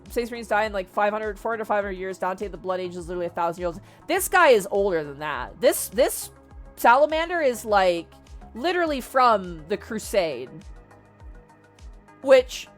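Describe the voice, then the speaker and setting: A woman streamer recaps a story in a loose, conversational way, full of fillers and the odd curse. Her voice sits at an ordinary mid pitch and she keeps the telling animated. Faint music runs quietly underneath. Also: normal speed. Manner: chatty, animated, frequent fillers and swearing. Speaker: vtuber streamer.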